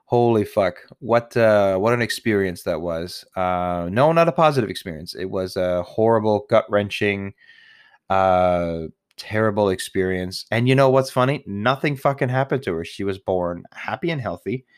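A man's voice: on the low side, animated, normal speed, clean tone, no echo, studio quality. A young man, a new father, talking casually and candidly to the camera, rambling, swearing often and laughing at himself. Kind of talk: casual personal monologue.

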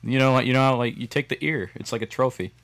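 A man's voice: medium pitch, steady tone, fast talker, a bit bright. A man guest on a podcast, talking in a laid-back, rambling way and swearing casually. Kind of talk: casual chat.

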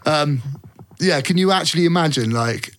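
A man's voice: a little high, expressive, moderate pace, a bit bright. A young man co-hosting a casual chat, jokey and teasing, slipping into sing-song bits. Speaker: podcast co-host.

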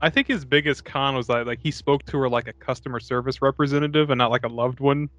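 A man's voice: medium pitch, fast, dry recording. A man co-hosting a casual movie podcast, swearing a lot and acting out lines from the film as he recaps it. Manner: animated, profane, acts out quotes from the film. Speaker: podcast co-host. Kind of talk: casual movie-review chat.

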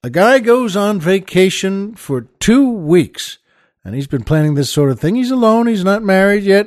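A man's voice: on the high side, a little mellow. A man hosting a podcast, telling jokes in a rambling, chuckling way with many restarts and fillers. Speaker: podcast host. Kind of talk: casual joke telling.

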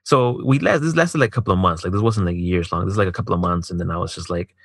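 A man's voice: low-pitched, rapid-fire, gravelly, a bit bright, breathy edge, dry recording. A man telling a personal story in casual chat, swearing a lot, filling his speech with "like", and acting out what others said. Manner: profane, heavy use of filler "like"; acts out quoted dialogue.

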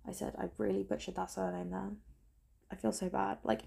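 A woman tells a casual storytime to camera, her voice gravelly and croaky with a husky edge. She rambles and giggles at herself, laughing off her own awkward moments. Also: mid-range voice, level tone, a little fast, mellow. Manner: rambling, self-deprecating, giggly. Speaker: vlogger.

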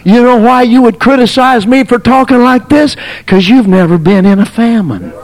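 A man preaching a sermon as pastor, telling a story dramatically, swinging from shouts to near whispers. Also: extremely high pitch, animated, normal speed. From United States.

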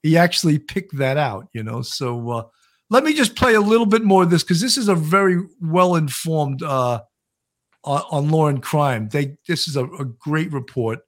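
A man's voice: on the high side, normal speed. A man with a Long Island accent hosting a live stream, chatting casually and telling jokey stories. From Long Island, New York. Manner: jokey, animated storytelling with put-on voices. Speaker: show host.

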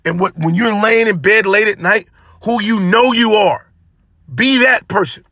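At a measured pace, a man with a high, bright voice hosts his own motivational podcast, impassioned and preachy, hammering points home by repeating phrases. The recording is dry and close-miked, with no room around it.

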